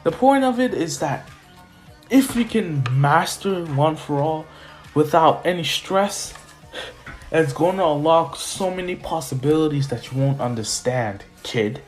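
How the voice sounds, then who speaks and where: A man voicing a gruff tiny old male hero mentor who bluntly calls everyone kid, in a retold fan story. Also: fairly high pitch, lively intonation, a little slow, a little mellow, soft background music. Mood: stern.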